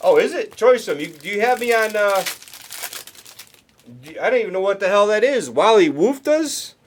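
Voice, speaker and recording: A man's voice: sits high, animated, normal speed, slight background noise. Rambling man hosting a card break. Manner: rambling, talks to chat viewers, restarts often. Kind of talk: casual livestream chat.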